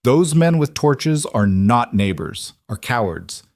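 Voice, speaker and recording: A man voicing a stern, brisk elderly farm wife with a Norwegian accent and blunt broken English. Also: mid-range voice, sing-song, darkish tone, no echo, studio quality, voice pushed up. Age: older.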